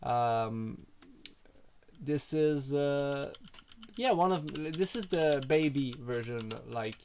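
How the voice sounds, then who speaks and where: A man's voice: medium pitch, animated, very slow, darkish tone, slight background noise. A man giving a casual, rambling programming walkthrough, full of fillers and self-deprecating asides. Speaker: programming tutorial creator. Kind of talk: casual screen-recorded coding walkthrough.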